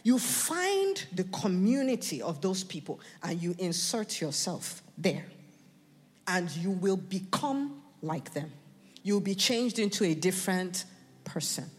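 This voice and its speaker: Animated American woman preaching in a reverberant hall. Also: on the low side, slow pace. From United States. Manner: animated, asks the crowd questions, builds to shouting. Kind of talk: sermon. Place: church. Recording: long reverb of a church hall.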